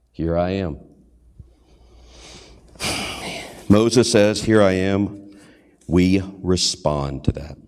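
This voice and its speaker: Deep-voiced man preaching in a reverberant church. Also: darkish tone. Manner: earnest, questioning, acts out short quotes. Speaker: pastor and hospital chaplain. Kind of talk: sermon. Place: church sanctuary. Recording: long hall reverb.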